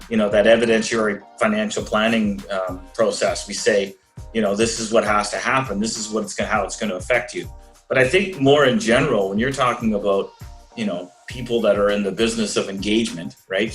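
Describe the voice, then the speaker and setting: A man's voice: fairly low pitch, low-quality recording. Earnest Canadian man on a video call. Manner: earnest, rambling, many restarts. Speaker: financial planner guest. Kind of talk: casual interview over video call.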